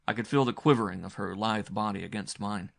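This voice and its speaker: A man's voice: on the low side, fairly quick, vocal fry. A man narrating a gothic horror story in the first person, grim and dramatic. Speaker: audiobook narrator.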